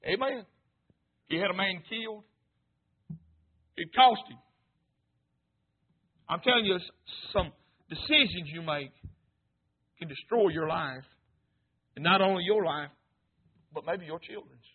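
A preacher, a man with a very high voice, delivers an impassioned sermon. His volume rises and falls as he preaches. The sound is thin and tinny, like a phone line. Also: unhurried, pauses often, slightly rough. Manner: impassioned preaching, rising and dropping between shouts and low murmurs.

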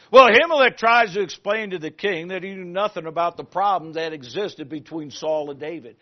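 A man preaching a sermon, retelling a story in an animated way and asking the congregation questions. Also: a little high, normal speed. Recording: muffled lo-fi recording.

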